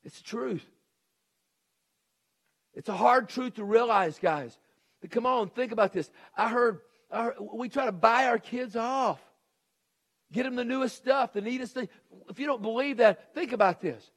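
A middle-aged male pastor preaching a sermon, swinging between shouted emphasis and hushed intensity. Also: very high voice, normal speed, long pauses.

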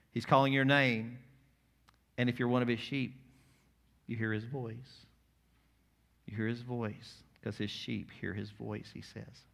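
A male pastor preaching a sermon, moving between quiet, intimate lines and loud, emphatic passages. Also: mid-range voice, creaky.

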